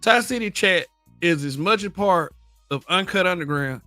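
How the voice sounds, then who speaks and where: A middle-aged man with a Southern accent holds forth on a livestream, blunt and full of profanity, laughing at his own points as he answers his chat. His voice sits a little high and sounds bright and forceful. The sound is dry and close, with faint music underneath. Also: expressive, normal speed, dry recording. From American South. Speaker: livestream host. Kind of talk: casual livestream commentary.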